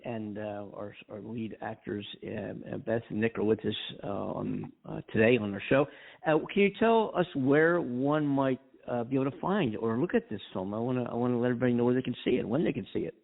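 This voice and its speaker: A male talk show host from Philadelphia, introducing guests with halting, repeated words and fillers. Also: medium pitch, creaky. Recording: phone-like audio.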